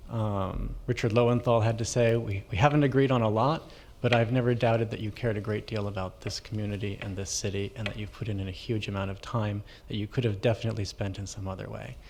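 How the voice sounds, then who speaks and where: A man's voice: lowish voice, fairly even intonation, a little fast, a little mellow, a little hiss or hum. A man giving sincere, plainspoken thanks at public comment in a community hall.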